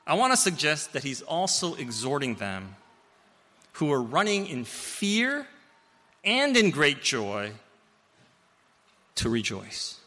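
Animated male preacher in a reverberant hall. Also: on the high side, slow pace, pauses often. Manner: storytelling, animated, with playful asides. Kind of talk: sermon.

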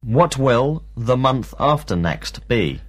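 A man teaching a scripted drill lesson, speaking slowly and pronouncing each word with care. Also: mid-range voice, expressive. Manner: slow, deliberate, enunciating each word. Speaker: language teacher.

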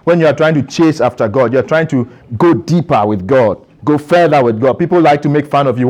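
A man's voice: on the high side, a little fast, a little mellow. A man preaching a sermon to a congregation in a church, asking rhetorical questions and calling for responses.

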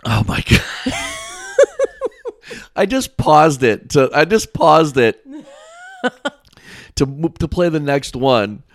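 A man's voice: a little high, big pitch swings, extremely slow, long pauses. A man co-hosting a podcast in casual chat, bantering with frequent laughs and restarts. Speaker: podcast co-host.

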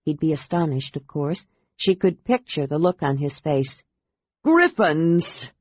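Woman narrator, fantasy audiobook, measured reading, dry, muffled lo-fi. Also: sits low, warm tone, breathy edge, no echo. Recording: dull dry audiobook recording.

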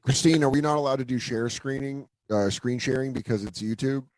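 A man's voice: medium pitch, fairly quick, a little mellow, no echo. A man co-hosting a podcast, teasing his friends with wry, mock-formal asides. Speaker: podcast co-host. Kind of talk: crude casual banter.

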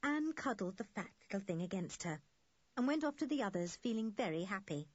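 A woman narrating a children's adventure story, reading lively and switching into voices for the children. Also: medium pitch, fairly quick, no room sound, highs cut off. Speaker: audiobook narrator.

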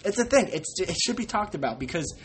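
A man's voice: sits high, very animated, fast, background noise. A young man hosting a casual sports podcast, joking and rambling, slipping into silly quoted voices. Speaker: podcast host.

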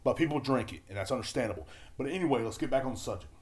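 A man hosting his own podcast, ranting and rambling with constant swearing, shifting from loud outbursts to low mumbling. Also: expressive, very fast. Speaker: podcast host. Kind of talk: solo podcast rant.

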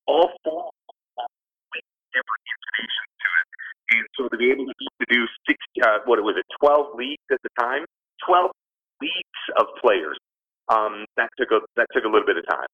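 A man's voice: medium pitch, expressive, moderate pace, breathy edge. A man who works as a baseball broadcaster, telling stories in an enthusiastic, chatty way in an interview, with a Canadian accent. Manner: enthusiastic, chatty, fond of sports talk. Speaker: baseball broadcaster and team communications director. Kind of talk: phone interview, casual storytelling. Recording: tinny phone line.

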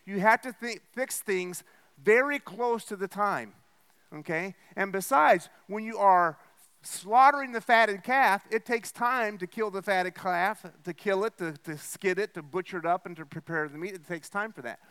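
A man's voice: high-pitched, normal speed, sharp tone, smooth. A male pastor preaching a sermon, explaining step by step, checking in with "okay?" and "right?", and acting out the host's lines with a raised voice. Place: church.

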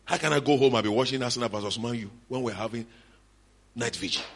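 At a church conference, a middle-aged man with a Nigerian accent delivers a lively sermon, shouting at times and lapsing into Yoruba. He speaks fast at medium pitch with a creaky voice, and there's a little hiss or hum in the audio.

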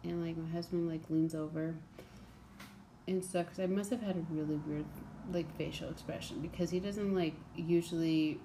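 Young woman, mellow lowish voice, blunt casual book chat, filler-heavy, faint noise floor. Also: steady tone, moderate pace. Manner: chatty, blunt, many fillers and "like"s. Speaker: book podcast host.

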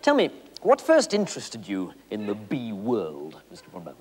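A man's voice: lowish voice, wildly swooping pitch, moderate pace. A man playing a prim, fussy interviewer in a live stage comedy sketch, with nervous verbal tics. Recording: live theatre stage with hall reverb and noise.

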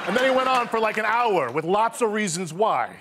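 A man, a cameraman on a talk show, doing a comedy bit in a deadpan yet eager way while giving bossy instructions. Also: high voice, noisy background. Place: TV studio stage. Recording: live studio audience behind.

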